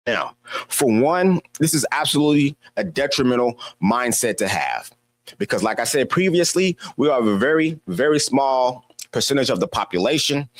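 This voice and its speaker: A man's voice: medium pitch, no echo. A man delivering an opinion commentary monologue, exasperated and emphatic, firing rhetorical questions and repeating his points. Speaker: commentary channel host.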